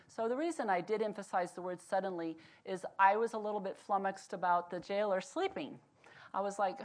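Animated woman giving a devotional talk. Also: medium pitch. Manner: animated storyteller turning earnest and slow when exhorting. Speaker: devotional speaker. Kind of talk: devotional talk with personal story.

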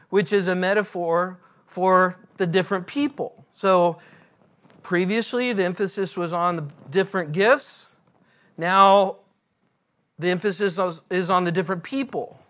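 A man preaching a sermon in a church as pastor, earnest and deliberate, drawing out his phrases. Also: high voice, a bit bright.

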